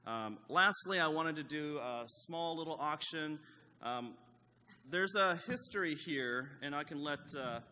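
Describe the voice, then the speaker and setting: A man's voice: a little high, lively intonation, measured pace, sharp tone, a little hiss or hum. A man giving closing remarks at a conference, hesitant and full of fillers. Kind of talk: closing announcements. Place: conference hall. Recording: long hall reverb.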